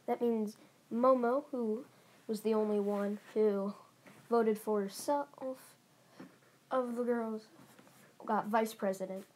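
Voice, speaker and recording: A woman's voice: a little high, warm tone. A young woman narrating a fan story in a casual, rambling way, giggling and restarting often. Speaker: channel host.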